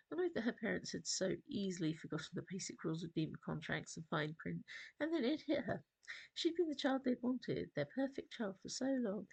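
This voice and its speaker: A woman storyteller reading a dark fantasy story aloud in an even, unhurried way. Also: on the low side, vocal fry, husky, dry recording. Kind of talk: storybook narration.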